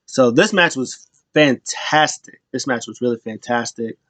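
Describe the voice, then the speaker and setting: A man recaps wrestling in a loose, rambling way, acting out the lines people said. His voice sits at a middling pitch. The sound is dry, with no room echo. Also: unhurried, fairly bright tone. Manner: loose, rambling retelling that acts out quotes.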